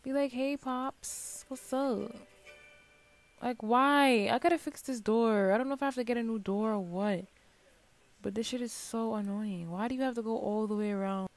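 A young woman hosts a gaming channel, giving casual, slangy Let's Play commentary as she plays a life-sim game. Her fairly high voice moves fairly quickly, chatting with viewers and breaking into bursts of excitement.

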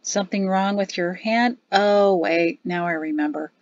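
A woman's voice: mid-range voice, measured pace, dry recording, lightly acted. Woman reading a plainspoken exasperated colonel, dry, close to narrator voice, dull audiobook sound.

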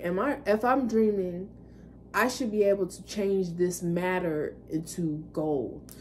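Candid rambling woman vlogger, low voice. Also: darkish tone, slight background noise. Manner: candid, rambling, swears casually. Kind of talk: casual storytelling monologue.

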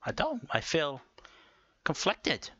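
A man's voice: on the high side, wildly swooping pitch, slow, pushed and bright, husky, lo-fi sound. A man giving casual commentary over his own gameplay, joking and mock-dramatic, talking to himself as he plays. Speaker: gaming video host. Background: game music.

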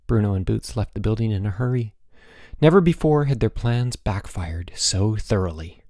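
A man reading a children's novel aloud as an audiobook narrator, expressive and giving each character a voice. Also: on the low side, normal speed, no echo, studio quality. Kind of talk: scripted narration.

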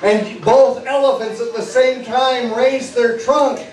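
Slow-talking man hypnotist on a roomy stage. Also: very high-pitched, fairly even intonation, darkish tone. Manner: slow, coaxing, playful suggestions. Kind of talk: hypnosis stage show patter. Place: party venue with audience. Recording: echoey room from far off, faint music.

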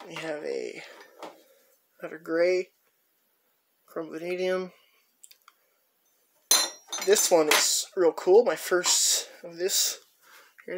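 A man with a slightly high, gravelly voice talks through his collection at an easy pace. He rambles casually and pauses often as he picks up each piece. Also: slight background noise. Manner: rambling, chatty, many "uh" pauses while handling tools. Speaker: tool collector showing his finds. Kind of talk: casual show-and-tell narration.

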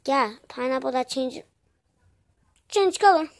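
A woman voicing a bickering group of characters in a homemade story, brash and quick to swear, swinging from yelling to low mutters. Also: lively intonation, a little hiss or hum. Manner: brash, swears often, switches between shouting and mumbling. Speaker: voice-over creator.

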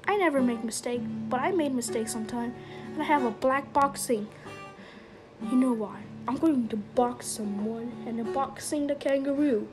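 A woman's voice: fairly high pitch, moderate pace, music in the background, voice pushed down, close to an everyday voice, poor audio. A woman doing a bouncy boxing mama kangaroo. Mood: excited. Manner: excited, scatterbrained.

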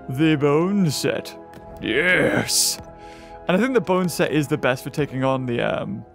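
A young man excitedly commentating his gameplay, often exclaiming and laughing. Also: a little high. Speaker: gaming YouTuber. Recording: game music behind voice.

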